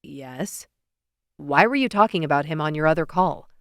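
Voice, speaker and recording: A woman voicing a guarded, brooding male firefighter who speaks in short, low, quiet lines in an audiobook. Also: expressive, moderate pace, dry recording, studio quality.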